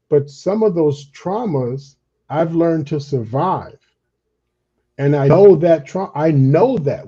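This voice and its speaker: Man with a husky, dark voice. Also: on the high side, normal speed, highs cut off. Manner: animated, acts out quoted inner voices. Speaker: panelist on a trauma and healing talk. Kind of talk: conversational explanation.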